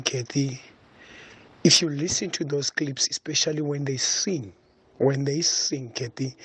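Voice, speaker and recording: Husky emotional man's voice note. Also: a little high, a bit bright, no echo. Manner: emotional, repetitive, keeps saying the host's name. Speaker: listener sending a voice note.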